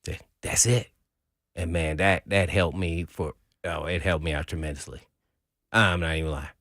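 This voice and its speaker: A man's voice: deep voice, moderate pace, dry recording, clean studio sound. A man, a radio co-host and former football player, talking sports casually and acting out quotes with frequent laughs. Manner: animated storyteller, laughs often, acts out quotes. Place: radio studio.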